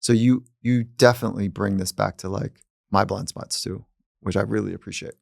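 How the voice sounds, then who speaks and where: A man with a low voice and a gravelly grain talks calmly and thoughtfully, as though explaining an idea to a friend. The sound is close and dry, with no room around it. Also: fairly quick, no room sound. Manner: calm and reflective, speaking at length. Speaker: psychologist and podcast host. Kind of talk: casual conversation.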